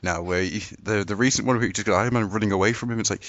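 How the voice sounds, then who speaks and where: A man hosting a casual podcast chat, playful and quick to laugh. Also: lowish voice, dry recording, lo-fi sound. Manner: playful, laughing, lively delivery. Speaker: podcast host.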